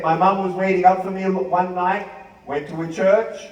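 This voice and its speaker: High-voiced man telling funny stories on stage. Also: moderate pace, a little hiss or hum. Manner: humorous, animated storytelling with acted dialogue. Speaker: motivational speaker. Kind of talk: storytelling stage talk. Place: large event stage. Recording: echoey hall from far off, crowd. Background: audience laughter.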